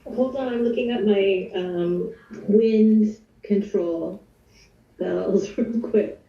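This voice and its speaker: Gravelly, hesitant tabletop player. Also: medium pitch, takes it slowly, echoey room, recorded from a distance, dull audio. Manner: hesitant, thinking aloud.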